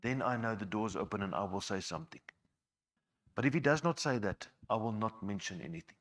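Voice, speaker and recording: A man's voice: lowish voice, lively intonation, brisk, fairly bright tone. A man giving a personal testimony to a church, conversational and repeating words as he goes. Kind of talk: personal testimony told to a congregation.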